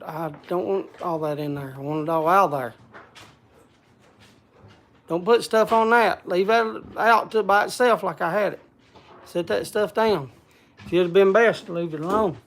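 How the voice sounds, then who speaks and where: Gravelly-voiced man, casual livestream host, chatty and easygoing, greets viewers by name. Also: sits high. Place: log cabin in the woods.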